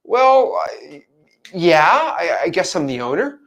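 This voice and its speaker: A man's voice: sits high, sing-song, slow, fairly bright tone, full character voice. A man voicing a grieving middle-aged woman who is hesitant about selling her late father's house.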